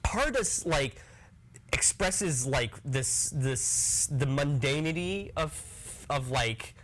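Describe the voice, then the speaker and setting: A young man guesting on a casual interview, his pitch sitting a little high and swinging widely as he talks. He rambles, restarts his thoughts and laughs often. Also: animated, takes it slowly, fairly bright tone, poor audio. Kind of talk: casual chat.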